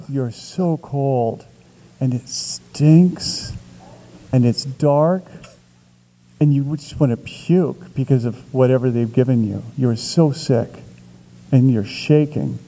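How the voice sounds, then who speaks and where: A man with a deep-toned, very mellow and rounded voice at a middling pitch unwinds a long anecdote at a Q&A. He talks casually, restarting small phrases now and then. He builds his scenes with care, stretching some words and quickening others. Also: a little hiss or hum, rough recording. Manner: vivid, building storyteller who shifts pace for effect. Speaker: author answering a question.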